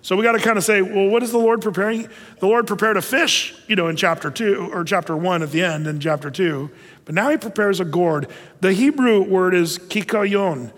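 A man's voice: high voice, moderate pace, a bit bright, long reverb tail. A male pastor preaching a sermon in a conversational way, with playful asides and acted-out quotes.

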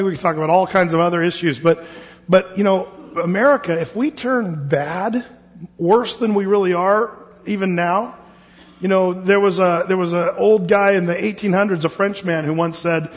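A pastor from Oregon leading a Bible study in a church hall, talking casually with many fillers and restarts. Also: male voice, sits high, normal speed. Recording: dull lo-fi sound with long hall reverb.

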